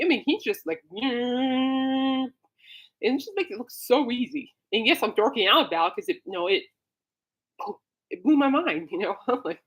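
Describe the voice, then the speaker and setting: Gushing woman podcast host, lively pitch. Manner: gushing, rambling, many fillers. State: coughing fits. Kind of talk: casual solo chat.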